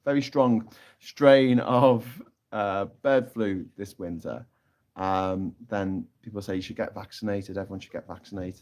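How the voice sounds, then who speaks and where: A middle-aged British man hosting a casual live stream, reading chat comments and making mocking jokes. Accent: British English. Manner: chatty, mocking, jumps into high squeaky voices for caricatures.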